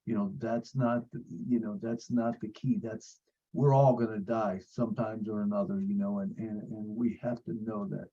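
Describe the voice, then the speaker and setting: A man's voice: on the low side, little pitch movement, moderate pace, warm tone, highs cut off. A man sharing a personal story on a video call, earnest, repeating phrases, with many fillers. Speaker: support group member.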